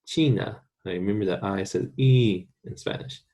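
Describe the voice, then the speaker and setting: In a low-pitched, dark voice, a man from the United States leads a recorded online Spanish class. He patiently says words slowly and repeats them for his students to practice.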